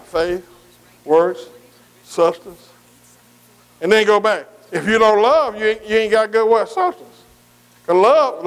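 A man's voice: high-pitched, poor audio. A man preaching a sermon in folksy, colloquial speech, repeatedly asking the congregation whether they agree. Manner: folksy, colloquial Southern US grammar.

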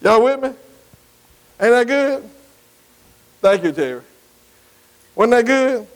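A man's voice: extremely high pitch, lively intonation, takes it slowly, rough recording. A man preaching a sermon, folksy and emphatic, often asking the congregation whether they agree. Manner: emphatic preaching with call-and-response questions. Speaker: pastor.

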